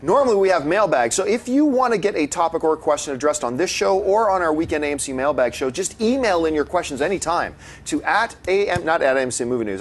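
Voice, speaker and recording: Male talk-show host, quick and chatty, voice sitting a bit higher than most men's, acts out the people in his stories, casual panel conversation. He keeps things moving briskly. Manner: animated, acts out dialogue in his anecdotes. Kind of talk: casual chat and storytelling.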